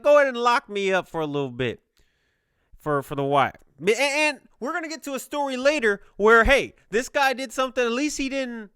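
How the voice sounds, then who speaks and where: A man's voice: sits high, sharp tone, clear, resonant tone, dry recording, studio quality. A young man hosting a casual podcast, talking in a rambling, jokey way and laughing often. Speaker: podcast host.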